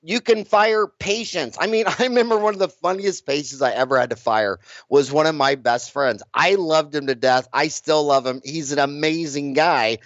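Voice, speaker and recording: A blunt, animated man with a somewhat high voice speaks as an interview guest, pushing his points hard and stumbling over repeated words. The sound is dry and close, but dull and lo-fi. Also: moderate pace, hardly any pauses, dry recording. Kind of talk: casual interview talk. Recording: dull lo-fi recording.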